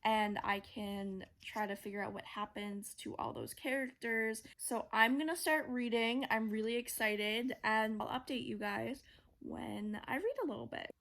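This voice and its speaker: A woman's voice: on the high side, measured pace, a bit bright. A woman talking casually from her bed in a book vlog, chatty and gushing with lots of fillers. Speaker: book vlogger. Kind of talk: casual reading vlog chat. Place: bedroom, in bed.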